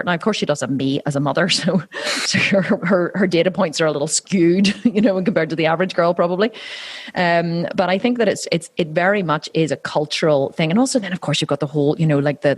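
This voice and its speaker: Low-voiced woman, chatty. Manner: animated, chatty storytelling with quick voiced asides. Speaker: interviewee, fitness coach and athlete. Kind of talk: conversational interview.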